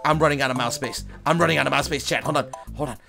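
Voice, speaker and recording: A streamer commentating live gameplay, swearing, pleading and yelling at the game in frustration between calmer stretches. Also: medium pitch, racing, vocal fry, music in the background. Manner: pleading and coaxing between outbursts.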